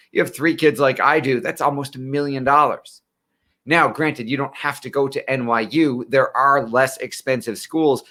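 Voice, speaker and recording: A man's voice: mid-range voice, sharp tone. A middle-aged man from western New York, a college financial aid planner, telling his personal story in a direct, conversational way. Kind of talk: personal origin-story talk.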